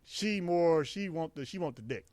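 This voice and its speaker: Middle-aged male co-host, slightly high-pitched, crude animated storyteller, dry close sound. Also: normal speed, no echo. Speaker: podcast co-host. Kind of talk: casual podcast chat.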